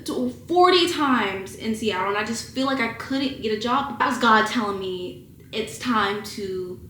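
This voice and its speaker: A woman's voice: a little high, animated, a little slow, a bit bright, roomy sound, a little hiss or hum. Candid young woman giving a pep talk. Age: 20s. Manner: candid, emotional big-sister pep talk with casual swearing. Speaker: vlogger. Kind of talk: casual chat to camera. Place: at home, indoors.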